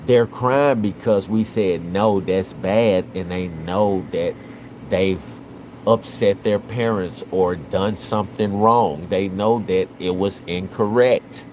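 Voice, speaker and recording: Slow, low-voiced man streaming live, audible noise. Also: darkish tone, poor audio. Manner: earnest, repetitive, speaks to the chat directly. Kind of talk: emotional live-stream commentary.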